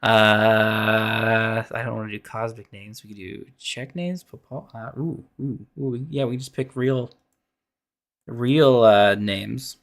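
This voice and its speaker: A man streaming as a dungeon master, thinking aloud while planning a game, halting and trailing off into mumbles. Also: on the low side, steady tone, fairly bright tone.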